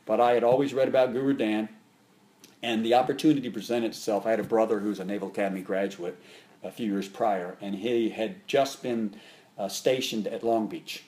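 A man in his fifties, a martial arts instructor, telling stories in a casual interview. He rambles and restarts often, and his voice jumps higher and louder when he gets animated. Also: a little fast. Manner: rambling, with frequent restarts and fillers.

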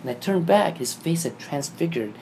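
A man casually telling a vivid dream story, acting out the scenes and getting animated and higher when excited. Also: normal speed, vocal fry. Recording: noisy background ambience.

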